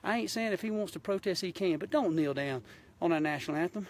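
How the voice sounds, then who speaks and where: A fast-talking man with a high voice and lively intonation, this Georgia hunting show host unleashes a blunt, folksy rant on a live stream. He speaks with a Southern accent from a mountain outdoors, captured on a handheld phone.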